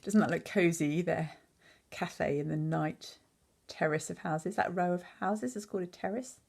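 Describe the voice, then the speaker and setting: A woman teacher reading a picture book aloud, pausing to chat and quiz the listener on words. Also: lowish voice, vocal fry, darkish tone, husky. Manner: chatty, asks the listener questions.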